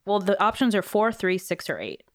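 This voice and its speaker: A woman's voice: medium pitch, very animated, a little fast, no room sound. A young adult woman co-hosting a casual quiz video, dry and matter-of-fact. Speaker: YouTube co-host. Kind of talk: casual chat while taking a quiz.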